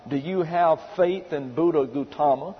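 A male preacher with a slightly high, husky voice speaks at a normal pace, teaching the Bible methodically through numbered subpoints in a sermon. He asks emphatic rhetorical questions, and the audio is muffled with long hall reverb.

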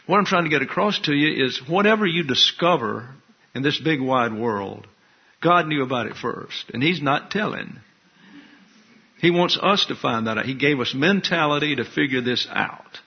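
A man's voice: on the high side, animated, moderate pace, vocal fry, husky, muffled recording. An older man preaching a sermon, folksy and teasing, with asides to the congregation. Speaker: pastor.

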